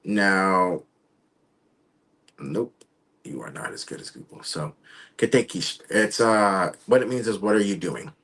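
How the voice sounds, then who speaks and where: Male host, deep voice, loose rambling delivery, casual stream chat. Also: a bit bright. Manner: rambling, halting, trails off. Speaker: show host. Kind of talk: casual livestream talk.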